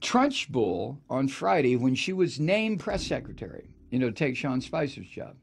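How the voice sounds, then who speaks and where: A man's voice: mid-range voice, very animated, moderate pace, gravelly, slightly rough. A man hosting a political talk show, delivering a sardonic, profane ranting monologue. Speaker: radio talk show host.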